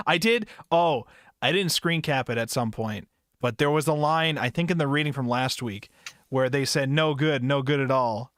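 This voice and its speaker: A man's voice: fairly high pitch, animated, moderate pace, fairly bright tone, dry recording, studio quality. A man hosting a podcast book club, chatting casually in a rambling, profane, laid-back way. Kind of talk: casual chat.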